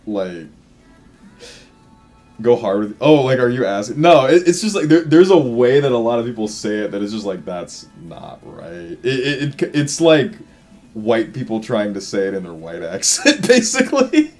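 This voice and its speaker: A man's voice: mid-range voice, sing-song, normal speed, a little mellow, soft background music. A man chatting casually on a livestream while he codes, swearing, laughing easily and often restarting his words. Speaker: game developer livestreaming.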